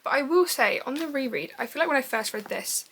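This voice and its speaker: A woman's voice: high voice, animated, brisk, fairly bright tone, slight background noise. Giggly, gushing young woman. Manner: gushing, giggly, rambling and swearing. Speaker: book vlogger. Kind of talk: excited casual reading vlog chat.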